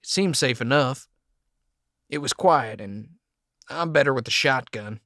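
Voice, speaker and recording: A man doing a raspy, bitter Southern man. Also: mid-range voice, animated, sharp tone, no room sound, clean studio sound. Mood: brooding. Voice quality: raspy, croaking. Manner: slow, brooding, accusing.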